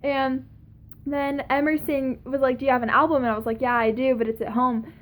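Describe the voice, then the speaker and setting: A young woman telling a story in a casual vlog, excited and gushing, with many fillers and laughs. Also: high-pitched, brisk. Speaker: fan.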